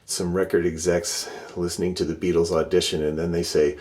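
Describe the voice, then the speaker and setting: Low-voiced man giving a home tour. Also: little pitch movement, brisk. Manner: warm, fond, many fillers, trails off softly at ends of thoughts. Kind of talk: casual home tour narration. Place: inside his house, moving through rooms.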